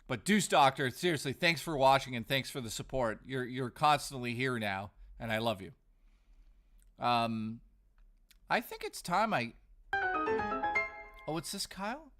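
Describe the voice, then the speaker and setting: A man hosting a casual live stream from home, talking in an animated, ranting way while reading out chat messages and thanking supporters. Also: mid-range voice, measured pace, long pauses, faint music behind. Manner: animated, ranting, bursts of laughter. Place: home living room.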